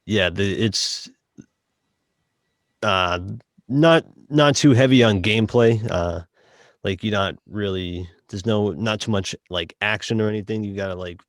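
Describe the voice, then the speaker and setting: A man with a Boston accent co-hosting a casual podcast chat, halting and full of fillers as he sums up a game. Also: lowish voice, no echo, clean studio sound. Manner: halting, many fillers and restarts. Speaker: podcast co-host reviewing a game.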